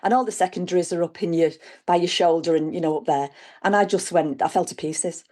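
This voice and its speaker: A woman's voice: lowish voice, fairly quick. A middle-aged woman, telling her own story in a chat and acting out what people said. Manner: lively, animated retelling with acted quotes. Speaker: guest sharing her story. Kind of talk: conversational storytelling.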